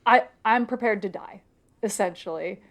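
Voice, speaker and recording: A woman co-hosting a casual podcast, retelling a book's plot and slipping into quick quoted voices. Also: medium pitch, a bit bright. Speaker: podcast co-host. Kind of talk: casual book recap chat.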